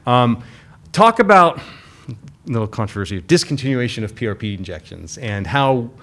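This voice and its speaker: A man's voice: medium pitch, big pitch swings, normal speed, fairly bright tone. A man hosting a podcast interview, talking casually and with enthusiasm, using a lot of "like". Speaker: podcast host.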